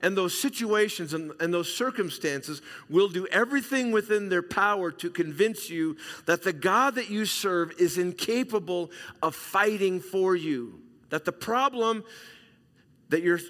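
Bright, forceful preaching man in a reverberant hall. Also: high-pitched. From Southern California. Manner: emphatic preaching, repeats phrases, swings between loud and hushed. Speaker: pastor. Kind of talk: sermon.

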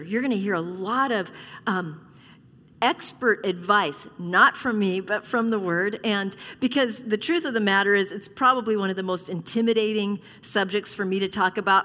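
A woman's voice: medium pitch, a bit bright. A middle-aged woman pastor giving a sermon in a candid, conversational way, restarting sentences often. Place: church sanctuary. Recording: long reverb of a church hall.

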